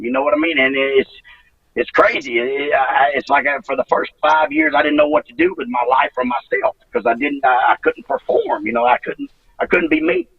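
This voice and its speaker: A man in his forties, a former pro wrestler guest, talking emotionally and profanely, halting and restarting often. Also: mid-range voice, gravelly, slightly rough, no room sound. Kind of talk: emotional interview. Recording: dull lo-fi sound from a distance.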